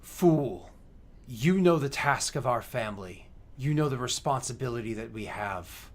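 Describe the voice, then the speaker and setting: A man's voice: mid-range voice, lively intonation, unhurried. A man doing a stern hobgoblin warrior. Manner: grave, accusing pronouncements. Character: stern male hobgoblin warrior, righteous and defiant.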